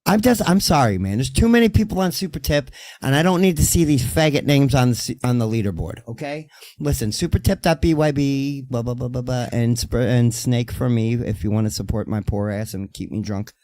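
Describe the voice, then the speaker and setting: A man co-hosting a podcast, ranting loudly and swearing, then talking himself down. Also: medium pitch, fairly quick, no echo. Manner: loud, profane, ranting, then calming down. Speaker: podcast co-host. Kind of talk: profane podcast banter.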